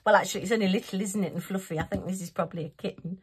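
Chatty, giggly woman with a husky voice. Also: mid-range voice, fast, few pauses. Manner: chatty, giggly and self-mocking. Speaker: craft channel host. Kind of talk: casual unboxing review.

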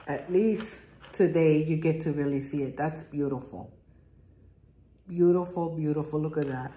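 A jewelry vlogger with a low, mellow voice and a strong non-native accent chats casually and enthusiastically about pieces she's showing in her home garage. She's middle-aged, and this haul vlog is recorded in an echoey room with faint noise.

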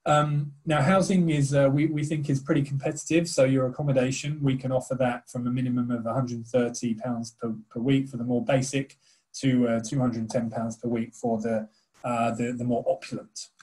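A man's voice: medium pitch, flat delivery, moderate pace, a little mellow. A man presenting university admissions information on a video call, with many fillers and repeated words.

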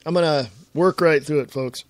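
A man with a slightly high voice hosts his own talk radio show. He rambles casually with lots of asides and keeps clearing his throat. The sound is dry and close to the mic. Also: normal speed, dry recording.

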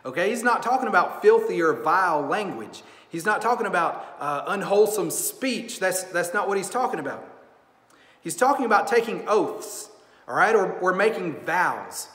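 A man's voice: high-pitched, very animated, moderate pace, fairly bright tone. A man in his thirties preaching a sermon as pastor, talking in a conversational way with frequent restarts and asides. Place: church sanctuary. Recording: echoey church hall.

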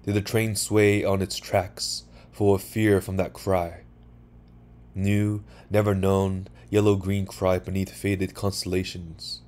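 A man reading a short story aloud for sleep, calm and measured. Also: deep voice. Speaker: narrator.

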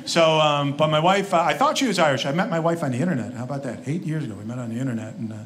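A man's voice: fairly high pitch, racing, fairly bright tone. A man in his forties doing a conversational, self-deprecating stand-up set with quoted asides, on a live club stage. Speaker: stand-up comedian. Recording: live room with crowd laughter and noise. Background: audience laughter.

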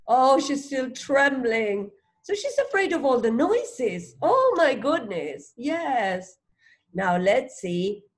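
Very slow, patient woman teaching phonics. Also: high-pitched, very animated. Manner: patient, sounds out letters one by one and prompts the child; gently encouraging. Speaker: reading teacher. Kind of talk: phonics read-along lesson for a child.

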